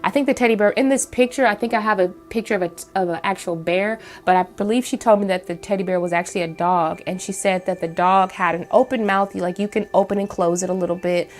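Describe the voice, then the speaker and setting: A woman's voice: mid-range voice, steady tone, fast, few pauses, faint music behind. Chatty woman telling a spooky story. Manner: chatty, rambling, many fillers and restarts. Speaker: channel host. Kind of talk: casual storytelling to camera.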